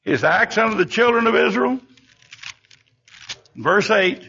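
Older male preacher, high husky voice, fervent sermon with swinging emphasis. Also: lively intonation, a little slow, pushed and bright. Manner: fervent preaching, sudden rises and drops in pitch and volume. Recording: dull lo-fi recording.

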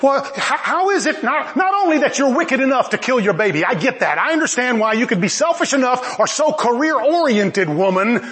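A man preaching a sermon in an animated, emphatic way, with laughing asides. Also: very high-pitched, fairly quick, hardly any pauses.

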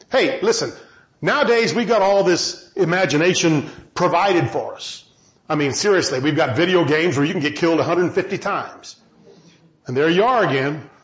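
A man preaching with a high, lively voice that rises to shouts and falls to quiet. He is heard in a roomy space on a slightly dull recording. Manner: impassioned, swings from loud shouting to low quiet. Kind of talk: sermon.

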